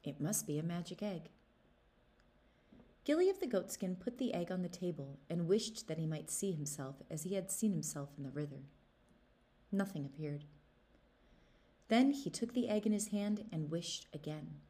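Children's storyteller, woman, low and very animated. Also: moderate pace. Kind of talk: reading a fairy tale to children.

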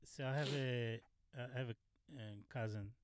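Halting man in frank podcast chat. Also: mid-range voice, steady tone, slight background noise. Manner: halting, many fillers and restarts, frank. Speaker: podcast guest. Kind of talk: casual chat.

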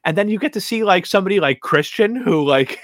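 A man's voice: high-pitched, lively intonation, brisk, no room sound, clean studio sound. A man co-hosting a casual reality TV recap podcast, talking in long rambling runs full of fillers. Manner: rambling, filler-heavy enthusiasm. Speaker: podcast co-host.

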